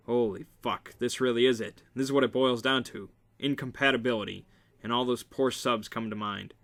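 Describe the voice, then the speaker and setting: A man's voice: mid-range voice, normal speed, creaky, sharp tone. A man reading a romance novel aloud in a casual amateur way, with small slips and restarts. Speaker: reader.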